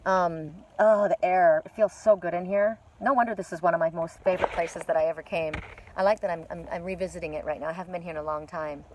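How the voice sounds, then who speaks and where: A woman hosting a live oracle card reading stream, rambling and chatty, with gentle spiritual encouragement, recorded outdoors at a lakeside cove. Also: on the low side, steady tone, quick pace, slight background noise. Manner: rambling, chatty, with many fillers and restarts. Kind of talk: casual live-stream chat with viewers.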